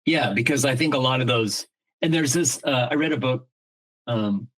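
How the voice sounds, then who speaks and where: A man's voice: medium pitch, moderate pace, fairly bright tone, poor audio. A middle-aged man co-hosting a podcast in casual chat, earnest and reflective, thinking aloud with many restarts and the odd casual swear word. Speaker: podcast co-host.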